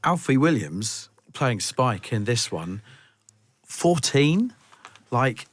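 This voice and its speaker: A man's voice: medium pitch, sing-song, takes it slowly, no room sound. A man co-hosting a radio show, asking questions in an easygoing, admiring way. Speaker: radio co-host. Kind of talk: casual radio chat.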